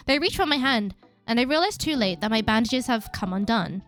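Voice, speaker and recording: A woman streaming a game live, reading the story text aloud and reacting with excited, startled exclamations. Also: a little high, fairly quick, faint music behind.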